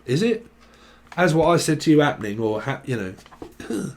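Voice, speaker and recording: A man's voice: a little high, big pitch swings, moderate pace, darkish tone, a little hiss or hum. A man giving a casual, rambling tarot reading, full of slang and little acted-out chats. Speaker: tarot reader.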